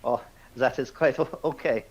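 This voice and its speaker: A man voicing a stiff, formal male Austrian colonel with a put-on Austrian-German accent and halting, overly polite English. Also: mid-range voice, darkish tone, muffled recording, slight background noise, pitched above the performer's own voice, close to an everyday voice.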